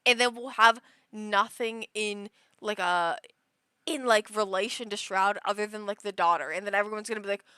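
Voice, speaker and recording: A woman's voice: medium pitch, steady tone, normal speed, pushed and bright, clear, resonant tone, no echo. A young woman livestreaming, chatting casually in a rambling way, full of fillers and restarts. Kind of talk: casual chat.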